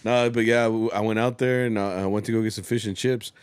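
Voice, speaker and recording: This podcast co-host, a young man, talks fast in a lowish, steady voice that is clear and resonant, recorded at studio quality with no echo. The chat is casual and relaxed, sprinkled with swearing and the occasional switch into Spanish.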